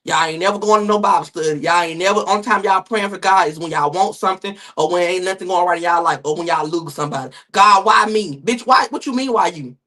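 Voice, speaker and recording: Man, gossip streamer, profane, dramatic, shouty rants. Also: fast, hardly any pauses. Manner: loud, profane, dramatic rants that jump into high-pitched shouting. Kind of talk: casual live-stream commentary.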